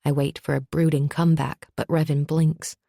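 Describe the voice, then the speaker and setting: A woman's voice: sits low, little pitch movement, normal speed, creaky, warm tone, dry recording, studio quality. A woman narrating a fantasy audiobook in first person, with a wry, sardonic edge.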